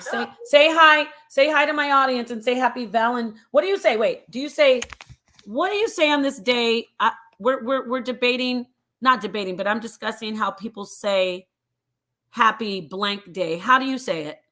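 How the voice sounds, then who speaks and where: A woman's voice: on the high side, normal speed, pushed and bright. A woman hosting a casual live stream, chatty and digressive, talking to her viewers like family. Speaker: livestream host.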